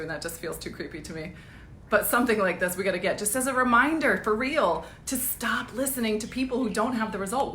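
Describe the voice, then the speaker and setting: A woman business coach giving a casual live-streamed pep talk, energetic and blunt, laughing often and swearing casually. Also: mid-range voice, roomy sound, a little hiss or hum.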